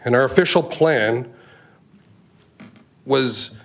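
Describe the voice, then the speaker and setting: A man, a local resident, giving a measured public comment at a council meeting, with frequent ums and uhs. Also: mid-range voice, gravelly.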